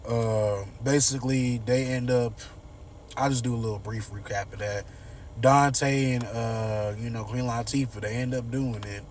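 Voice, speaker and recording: A man's voice: mid-range voice, steady tone, a little slow, distant mic, a little hiss or hum. A man casually recapping a TV episode in loose, slangy storytelling. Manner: loose slangy storytelling, acts out characters' lines. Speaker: TV episode reviewer.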